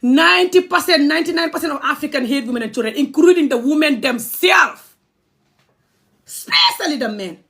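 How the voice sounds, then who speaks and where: A woman's voice: high-pitched, animated, a little fast, a bit bright. Impassioned woman. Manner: impassioned, angry, confrontational. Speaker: vlogger. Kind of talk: livestream rant.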